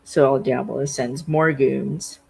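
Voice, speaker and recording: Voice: mid-range voice, steady tone, slow, gravelly, darkish tone, slightly rough, rough recording. A podcast co-host casually retells a TV episode scene by scene, leaning heavily on "like" as a filler. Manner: rambling retelling full of "like" fillers. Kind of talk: casual TV episode recap chat.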